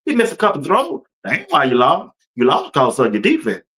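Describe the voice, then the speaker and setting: Pitch swooping wildly, a sports talk show host speaks briskly in a mid-range, slightly bright voice. His casual commentary livestream is loose and colloquial, full of laughter and direct address to viewers and chat.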